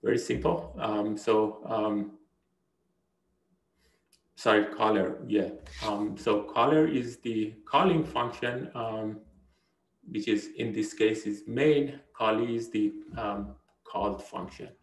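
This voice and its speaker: A man's voice: lowish voice, slow pace, creaky, echoey room, low-quality recording. A man giving a university lecture, hesitant, with many fillers and restarts, often checking in with "right?". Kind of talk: recorded lecture.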